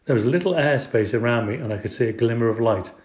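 A man's voice: medium pitch, quick pace. Man reading a children's story aloud. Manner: expressive, playful, does character voices. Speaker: audiobook reader. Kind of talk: storybook narration. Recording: echoey room.

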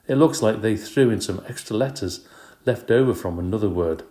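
A man's voice: lowish voice, normal speed, warm tone. A man narrating a children's storybook in a wry, playful first-person tone. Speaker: audiobook reader. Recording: roomy echo.

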